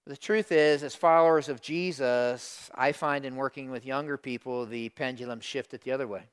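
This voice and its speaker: A middle-aged man preaching a sermon as pastor, swinging from hushed asides to loud emphatic lines. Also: mid-range voice, steady tone, normal speed, clear, resonant tone.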